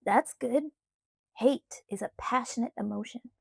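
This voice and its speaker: A woman's voice: on the high side, a little slow, creaky, husky, dry recording, clean studio sound, exaggerated voice. A woman reading the part of a cheerful, persistent teenage boy in an easygoing, coaxing way. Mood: cocky.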